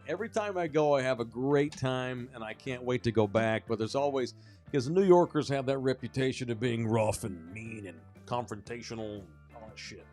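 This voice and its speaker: Male podcast host, casual storyteller, animated and profane, acts out the people in his story. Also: medium pitch, moderate pace, soft background music.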